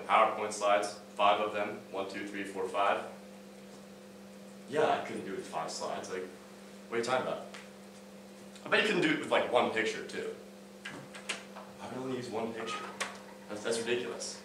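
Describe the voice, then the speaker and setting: A young man, a student, gives a casual talk on stage built around stories, full of fillers and restarts. His voice is lowish with a fairly bright tone, picked up from a distance in an echoey hall with a little hiss or hum.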